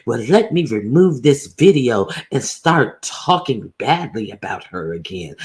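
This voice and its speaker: A woman's voice: a bass voice, animated, measured pace, few pauses, darkish tone. A woman hosting a casual livestream, greeting viewers by name and talking bluntly with plenty of profanity. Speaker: livestream host.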